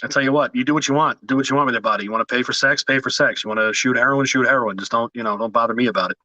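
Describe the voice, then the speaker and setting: A man's voice: medium pitch, very fast, pushed and bright, dry recording, highs cut off. A man hosting a podcast in casual chat, joking and self-deprecating in loose banter.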